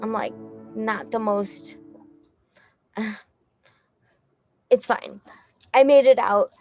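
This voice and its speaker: A woman's voice: on the high side, extremely slow, a little mellow, faint music behind. A young woman from Texas, a musician guest telling a story casually, rambling with lots of fillers, swearing and laughing often.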